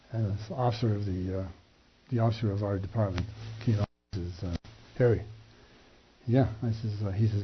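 A man's voice: fairly low pitch, a little hiss or hum. Older man telling a testimony. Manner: animated, acts out dialogue, chuckles between lines. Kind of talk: personal testimony storytelling. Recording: dull lo-fi recording.

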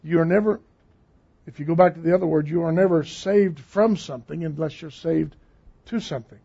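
A man's voice: a little high, fairly quick, gravelly, warm tone, husky. An older man preaching a sermon with emphatic, repeated phrases. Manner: emphatic, repeating key words. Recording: dull lo-fi sound.

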